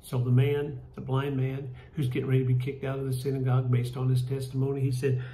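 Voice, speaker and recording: A man with a Kentucky accent leading a church Bible study, folksy and halting, with many fillers and restarts. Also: medium pitch, completely flat delivery, warm tone, reverberant, poor audio. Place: church room.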